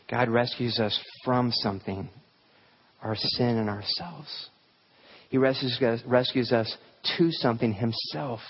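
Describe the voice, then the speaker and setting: A man's voice: medium pitch, lo-fi sound. A man preaching a sermon, telling folksy stories with humor and lots of fillers. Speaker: pastor.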